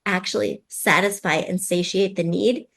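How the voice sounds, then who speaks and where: A woman parenting coach explaining advice in conversation, lively, often acting out what parents and kids say. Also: lowish voice, normal speed, vocal fry. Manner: animated, acts out parent and child voices.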